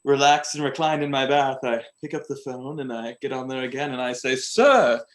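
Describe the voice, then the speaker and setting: Animated laughing male podcast storyteller. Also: mid-range voice, a little fast. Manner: animated, laughs often while telling a story. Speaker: podcast co-host. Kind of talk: casual chat storytelling.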